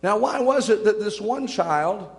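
A man's voice: high-pitched, animated, measured pace, vocal fry, long reverb tail. A young man preaching a sermon, retelling scripture stories with dramatic shifts in pace.

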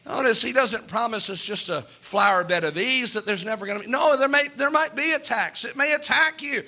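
A man's voice: very high voice, brisk, pushed and bright. A middle-aged man preaching a folksy sermon in a church, telling stories with frequent restarts. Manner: folksy storytelling with repeated restarts.

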